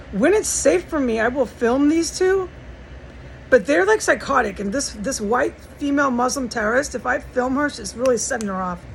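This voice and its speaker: A woman's voice: a little high, vocal fry, fairly bright tone, a little hiss or hum, low-quality recording. An American woman in an agitated, profane, rambling monologue, talking from inside a house. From United States. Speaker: vlogger. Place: indoors in a house.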